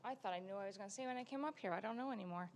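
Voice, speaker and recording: A woman's voice: mid-range voice, racing, slight background noise. A middle-aged woman speaking as a parent at public comment, pleading and on the verge of tears.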